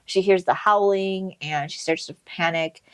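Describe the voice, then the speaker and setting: A woman's voice: fairly low pitch, measured pace, smooth, no room sound. A woman co-hosting a podcast, casually retelling a story, acting out the characters' lines and swearing freely. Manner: animated storytelling, acts out quotes, swears freely. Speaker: podcast co-host. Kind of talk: casual book recap chat.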